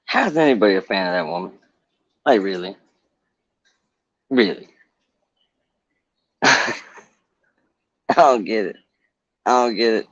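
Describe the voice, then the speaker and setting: A man with a fairly low voice speaks frankly in a lively, up-and-down way and laughs easily. The sound is dry and muffled. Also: slow pace, pauses often, no room sound. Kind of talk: casual chat.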